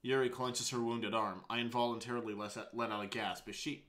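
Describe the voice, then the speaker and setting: A man's voice: mid-range voice, level tone, a little fast, a bit bright. A man streaming himself reading a visual novel aloud, earnest, with startled asides.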